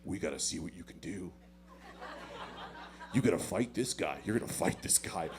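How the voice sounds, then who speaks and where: A gruff, blunt martial arts instructor, put on by a male comedian, speaking in a deep, flat register. He gives orders bluntly and does not wait for an answer. The voice drops well below the comic's usual high pitch. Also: moderate pace. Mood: commanding.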